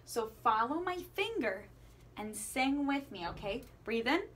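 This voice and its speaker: A woman's voice: big pitch swings, measured pace, a bit bright. Encouraging woman teaching kids to sing. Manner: encouraging, asks the listener questions; playful, swoops her voice high and low. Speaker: music teacher. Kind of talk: children's singing lesson.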